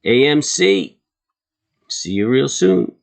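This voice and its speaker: A man's voice: mid-range voice, sing-song, takes it slowly, gravelly. A man hosting a live trading stream, talking casually to viewers in a rambling way with lots of ums and uhs. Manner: laid-back, chatty asides to viewers.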